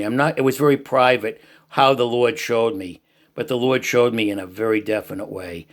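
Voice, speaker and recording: Earnest older man with Boston accent. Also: moderate pace. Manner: earnest, emphatic, loud booming voice. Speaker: Christian YouTuber sharing church reflections. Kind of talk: heartfelt personal testimony.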